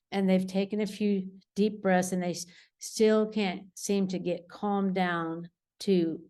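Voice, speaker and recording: Slow-talking lady teacher, lowish voice, explaining stuff to parents patiently. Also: darkish tone. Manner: patient, explanatory, repeats key points. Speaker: preschool teacher. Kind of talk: recorded weekly lesson for parents.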